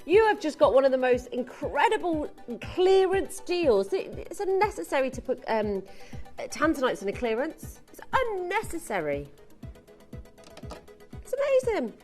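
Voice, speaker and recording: A woman presenting on a live TV shopping channel, excitable and gushing as she urges viewers to buy. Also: sits high, measured pace, soft background music. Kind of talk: live TV shopping sales patter.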